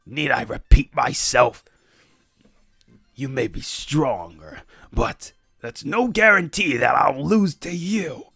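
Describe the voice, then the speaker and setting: A haughty warrior prince speaks in clipped, old-dub villain tones, as a man puts him on. The voice swings between highs and lows over a dry, close sound. Faint music plays underneath. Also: expressive, takes it slowly, vocal fry, a bit bright, breathy edge, no echo, full character voice. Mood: defiant. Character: proud arrogant male warrior prince, adult. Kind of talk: dramatic reading of comic dialogue.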